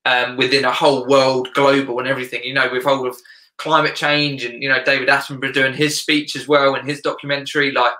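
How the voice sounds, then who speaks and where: A man's voice: medium pitch, level tone, brisk, pushed and bright, roomy sound. A man speaking as a guest life coach in a casual interview, earnest and reflective, often searching for words.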